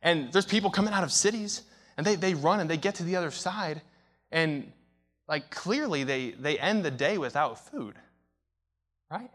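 Young guy preaching, lighter high voice, gets quiet then yells, super animated storytelling. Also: normal speed. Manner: animated storytelling, swings from hushed to shouting. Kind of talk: sermon with personal story.

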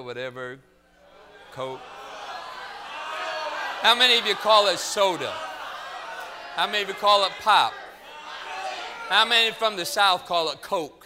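A middle-aged man preaching a sermon, telling funny stories in an animated, joking manner. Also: sits high, a little slow, creaky, pauses often, noisy background. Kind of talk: sermon with humorous storytelling.

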